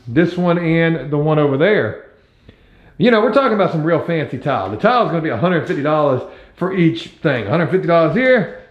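A man's voice: fairly high pitch, roomy sound, muffled recording. A young man talking casually through his home renovation work, chatty and self-mocking, with the odd curse. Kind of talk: casual vlog narration while working.

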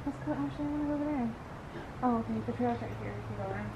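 A young woman vlogging on a trip, chatting casually and filling pauses with lots of ums. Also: fairly high pitch, highs cut off. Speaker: travel vlogger. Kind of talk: casual travel vlog chat. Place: outdoors on a trail, later in a car. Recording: loud background noise, outdoors and car.

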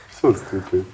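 A man's voice: lowish voice, mellow, a little hiss or hum. A man in casual banter, teasing and laughing with heavy cursing, on a lapel mic indoors. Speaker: reality show houseguest. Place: indoors in a house.

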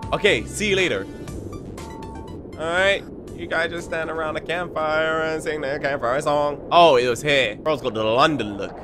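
A man's voice: fairly high pitch, normal speed. A young man giving jokey commentary on a horror game, reading its dialogue aloud. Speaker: gaming commentator. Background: game music.

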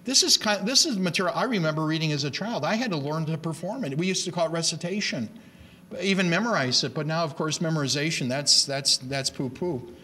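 A man's voice: fairly high pitch, quick pace, a little hiss or hum. A middle-aged man giving an emphatic lecture on teaching reading to a live audience, often restarting his words. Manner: animated, emphatic, with many repeated starts. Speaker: reading education speaker.

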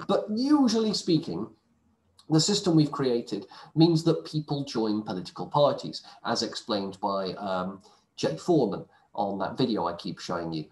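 Man lecturing with a lively voice in an echoey room. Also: lowish voice. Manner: brisk and discursive, with asides and self-corrections. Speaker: teacher. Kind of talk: recorded lecture to students.

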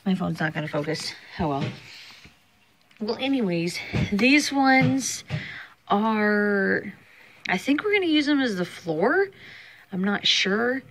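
A woman's voice: mid-range voice, very animated, takes it slowly, fairly bright tone. A woman chatting to viewers in a casual home vlog, filmed on a handheld phone. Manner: chatty, talks to viewers as guys. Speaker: family vlogger. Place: home indoors. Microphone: handheld phone camera.

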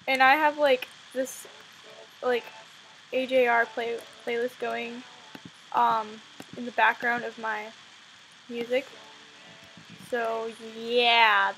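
A woman's voice: a little high, a bit bright, slight background noise, rough recording. A young woman hosting casual gameplay commentary, rambling and playful with frequent giggles. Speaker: gaming channel host. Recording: faint background music under the voice. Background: music playing in the background.

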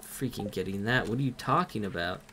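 A young man with a Minnesotan accent, commenting on a game live and reading its text aloud in an excitable, jokey way. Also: lowish voice, fairly quick. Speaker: streamer.

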